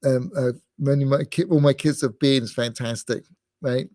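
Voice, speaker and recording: Digressive rabbi with a dry close sound. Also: male voice, medium pitch, steady tone, moderate pace, warm tone, dry recording. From England. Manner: digressive, many restarts and fillers, self-amused. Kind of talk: rambling lecture.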